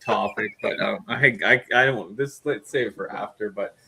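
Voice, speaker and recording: A man's voice: on the low side, normal speed, creaky, noisy background. Rambling man hosting a livestream. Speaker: livestream host. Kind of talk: casual group chat.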